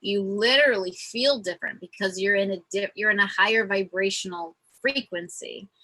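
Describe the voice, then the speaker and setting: A woman hosting a casual spiritual conversation, telling stories in an earnest, animated way. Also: mid-range voice, moderate pace, poor audio. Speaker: host.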